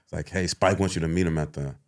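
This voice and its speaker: Low-pitched male actor, thirties, animated anecdote teller who laughs often and acts out others' lines. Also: fast talker. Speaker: guest actor. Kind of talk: animated storytelling.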